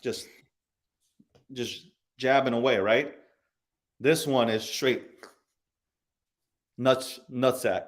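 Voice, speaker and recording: A man's voice: medium pitch, fairly even intonation, extremely slow, pauses often. A man hosting a podcast, ranting angrily and profanely, hammering his points home by repeating phrases. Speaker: show host. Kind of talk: heated crypto podcast rant.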